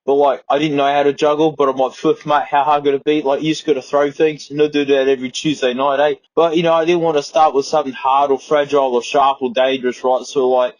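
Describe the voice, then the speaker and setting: A man's voice: medium pitch, little pitch movement, fast talker, hardly any pauses, dry recording, muffled recording, voice pushed down, lightly acted. A man putting on a laid-back young Australian bloke who drawls and says mate constantly while telling a yarn, heard through an earbud microphone. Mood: rambling.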